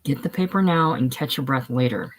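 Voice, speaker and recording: A reader voicing a blunt, mocking rural man in a casual play reading, low and quiet with a husky tone. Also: fairly quick, close to an everyday voice, poor audio. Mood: gruff.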